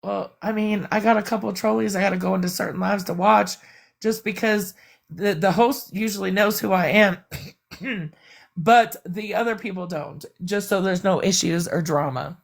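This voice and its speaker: A woman's voice: mid-range voice, moderate pace, vocal fry. A woman chatting bluntly and profanely on a live stream, rambling as she vents. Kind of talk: casual venting chat.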